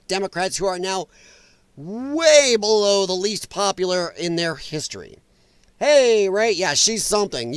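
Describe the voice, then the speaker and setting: A man's voice: high voice, a bit bright, no echo. A man hosting a political livestream, ranting bluntly and sarcastically with profanity and greeting viewers in chat by name. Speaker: political stream host. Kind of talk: livestream commentary.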